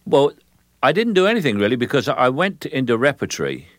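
A man's voice: mid-range voice, sing-song, fairly quick, no echo, clean studio sound. An older man with a London Cockney accent, an actor guest in a radio interview, telling stories in a rambling, hesitant way and breaking off to demonstrate voices. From England.

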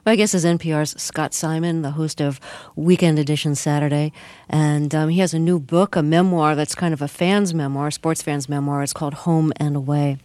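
A radio interviewer asks measured, gently probing questions at a mid pitch. The voice is close and dry, with no room echo. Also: fairly even intonation.

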